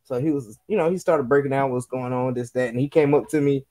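Profane, animated man telling stories. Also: medium pitch, fast. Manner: profane, animated storytelling with quoted voices. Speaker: podcast co-host. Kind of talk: casual podcast chat.

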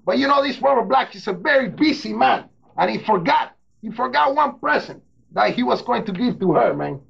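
A man's voice: extremely high pitch, animated, brisk, gravelly, a bit bright, breathy edge. A man doing wrestling TV commentary in a hyped, theatrical way. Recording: dull lo-fi.

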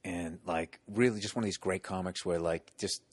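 A man telling a stand-up story in casual podcast chat, profane and animated, acting out the people in it. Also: sits low, normal speed, husky.

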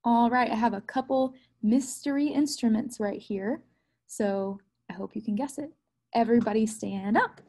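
A woman, a kindergarten music teacher, gently and patiently talking small children through a recorded music lesson in simple words. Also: fairly high pitch, moderate pace, rough recording.

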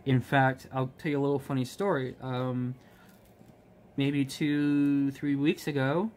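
A man chatting casually about his work as a restaurant manager, rambling with many ums and restarts and getting animated when he quotes people. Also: mid-range voice, slight background noise. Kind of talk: casual storytelling while crafting.

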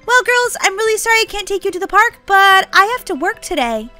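A woman voicing a gentle, busy mother of two girls in a game role-play, talking in a soft, apologetic way. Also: very high-pitched, big pitch swings, a little fast, soft background music, exaggerated voice.

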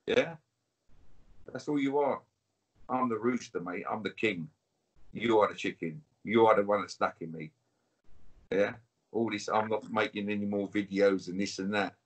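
A man's voice: fairly low pitch, normal speed, pauses often, husky. A British man giving an interview over a video call, taunting and trash-talking a rival, saying "mate" again and again. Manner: taunting, repetitive, calls listener mate. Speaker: interview guest. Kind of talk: combative interview trash talk.

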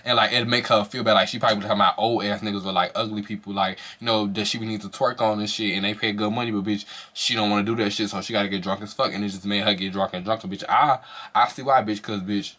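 A man doing casual commentary as a reality TV reviewer, animated, sassy, gossipy and profane, with his voice shooting up into shrieks. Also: lowish voice, fast talker.

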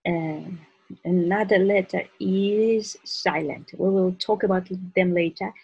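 A woman's voice: fairly low pitch, steady tone, unhurried, gravelly, husky, no room sound, rough recording. A woman with a Russian accent teaching the alphabet, patiently saying each letter and example word and repeating them. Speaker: language teacher. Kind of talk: alphabet lesson with spoken examples.

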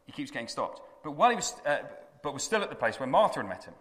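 A male preacher delivers a sermon in a lively, dramatic storytelling style. His voice is bright and clear with a slightly high pitch. It rings out with long reverb in a large hall. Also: rapid-fire. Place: conference hall.

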